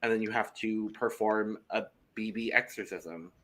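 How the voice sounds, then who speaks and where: A man's voice: lowish voice, moderate pace, fairly bright tone. A young man co-hosting a podcast in casual chat, talking loosely, with some swearing and repeated words. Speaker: podcast co-host.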